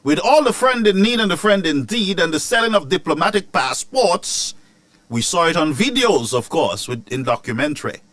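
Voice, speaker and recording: A man, hosting a news commentary show, ranting about politics with rhetorical questions and sharp asides. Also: on the high side, sing-song, normal speed, no room sound.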